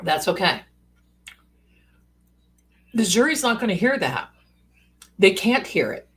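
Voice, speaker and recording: A woman's voice: mid-range voice, very animated, slow pace, a bit bright, slightly rough. A woman hosting a live stream as a psychic, talking casually with folksy, sassy asides. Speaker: psychic livestream host.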